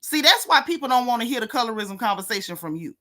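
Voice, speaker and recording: A woman's voice: on the high side, very animated, quick pace, sharp tone. A woman hosting a casual gossip livestream, sassy and mocking as she talks straight to her viewers. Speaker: host of a gossip channel.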